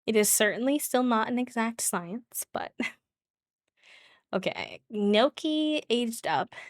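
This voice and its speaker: A woman's voice: a little high, expressive, measured pace, dry recording, studio quality. A woman streaming a game, chatting casually and giggling as she talks to her viewers. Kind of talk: casual live-stream chat while gaming.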